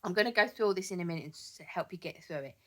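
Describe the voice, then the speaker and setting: A woman's voice: on the low side, animated, very fast, a bit bright. A woman who trains dogs, giving casual advice to camera, chatty with many ums and repeated words. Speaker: dog trainer.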